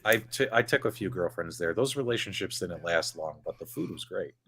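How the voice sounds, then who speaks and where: A man co-hosting a podcast, telling teasing stories in animated casual chat. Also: sits low, a little fast, slightly rough, no echo. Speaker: podcast co-host.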